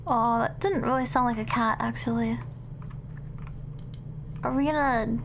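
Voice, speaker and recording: A young woman streaming a game live, excitable and dramatic, reacting out loud and swearing freely. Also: a little high, measured pace, pauses often, noisy background. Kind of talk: live gameplay commentary.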